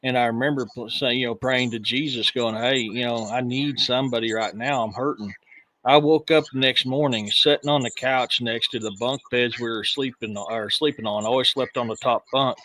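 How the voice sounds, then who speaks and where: Bright-voiced male podcast host. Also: medium pitch, steady tone, brisk, few pauses, rough recording. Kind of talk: casual chat.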